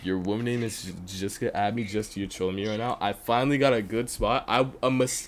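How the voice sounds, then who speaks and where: A young man live-streaming a video game, reading his chat aloud and reacting with loud outbursts and quiet mumbling. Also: on the low side, fairly quick, hardly any pauses, slight background noise. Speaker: livestreamer. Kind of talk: casual live-stream chatter while gaming.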